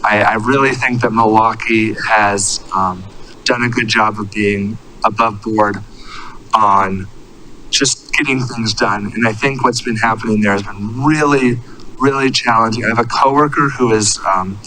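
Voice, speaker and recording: A man in his thirties giving an earnest, halting public comment at a city council meeting, speaking into a podium microphone. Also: fairly low pitch, fairly even intonation, sharp tone, a little hiss or hum, poor audio. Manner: earnest, halting, searching for words. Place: council chamber.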